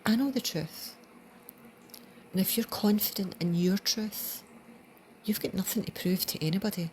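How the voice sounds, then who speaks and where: A woman with a Scottish accent giving an earnest spiritual reflection, dropping into soft whispers for emphasis. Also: medium pitch, moderate pace, a little hiss or hum. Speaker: channel host.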